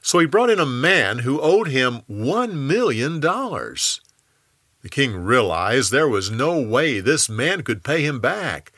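Lively, bright-voiced male storyteller. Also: mid-range voice, slow pace, dry recording, clean studio sound. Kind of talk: scripted narration.

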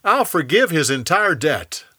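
Man doing a loud commanding king, higher and brighter than his narration, storybook style. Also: sing-song, unhurried, breathy edge, no room sound, studio quality, heavily acted. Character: stern, generous king.

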